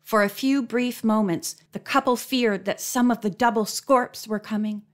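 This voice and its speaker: A woman reading a mystery novel aloud as an audiobook narrator, with steady, clear storytelling. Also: on the high side, normal speed. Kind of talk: scripted narration.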